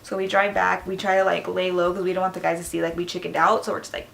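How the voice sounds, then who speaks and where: A woman's voice: on the low side, little pitch movement, fast, creaky, a bit bright, slight background noise. A young woman vlogging a storytime, telling it animatedly, full of "like" fillers and acted-out quotes. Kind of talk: storytime vlog.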